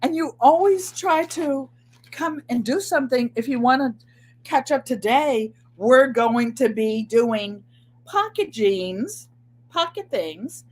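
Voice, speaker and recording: An older woman with a somewhat high, husky voice chats casually with her viewers, unhurried and slow. She rambles as she goes and often repeats her own phrases. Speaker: sewing and crafts channel host. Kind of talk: casual live chat.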